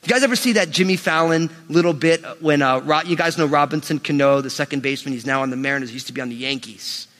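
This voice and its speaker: Male pastor, animated sermon delivery, high voice, long hall reverb. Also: fast talker, hardly any pauses. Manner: animated, emphatic preaching with sudden rises and drops.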